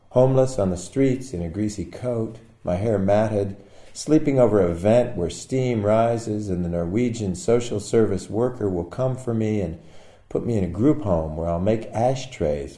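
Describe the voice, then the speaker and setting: A man reading his own poem in a wry, musing way, with sudden loud outbursts. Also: lowish voice, echoey room. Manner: wry, musing delivery with sudden bursts of loudness. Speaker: poet. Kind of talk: poetry reading.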